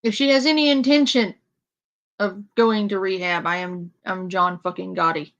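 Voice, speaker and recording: In this lo-fi clip, a woman talks at a normal speed in a steady, mid-range voice with a slight brightness. She tears into another streamer with crude sarcasm, casually commenting and parodying them in a whiny voice.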